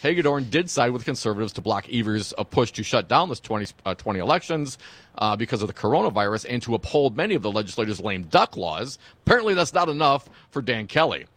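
A man's voice: medium pitch, sing-song, fast, fairly bright tone, no echo. A man co-hosting political talk radio, reading news with blunt, wry remarks. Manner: blunt, wry commentary with frequent "uh" fillers.

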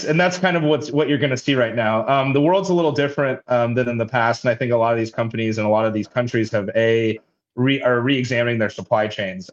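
The head of a logistics company answers interview questions as a guest, explaining things in a businesslike manner. His voice is medium-pitched and the sound is lo-fi.

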